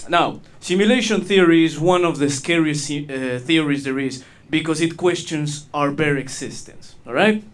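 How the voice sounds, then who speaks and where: A man's voice: fairly high pitch, moderate pace, hardly any pauses. A man from Peru with a Spanish accent performing a crude, rambling stand-up set. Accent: Peruvian Spanish. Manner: crude, rambling, self-mocking. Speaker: stand-up comedian.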